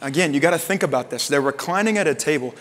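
A male pastor preaching a sermon in a lively, conversational way, with casual slang. His voice sits a little high. The recording carries the long reverb of a church hall. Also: fast.

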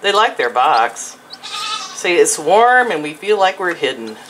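An older woman with a drawl coos and chatters to her animals as she films at home. Her pitch leaps high and dips low as she baby-talks. A faint hiss sits under the home recording. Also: sing-song, measured pace. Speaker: vlogger. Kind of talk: casual vlog, talking to animals.

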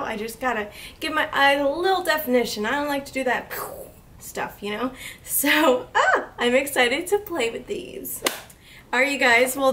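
A woman's voice: high-pitched, a bit bright, far from the mic, a little hiss or hum. A woman in her twenties gushing and squealing with delight as she unboxes a beauty haul, speaking a little off-mic. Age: 20s. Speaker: beauty vlogger.

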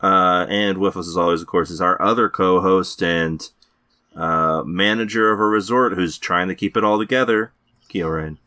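A man's voice: low voice, moderate pace, bright, forceful tone. A man hosting a casual podcast, introducing his co-hosts with teasing jokes. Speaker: podcast host. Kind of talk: casual comedic podcast chat.

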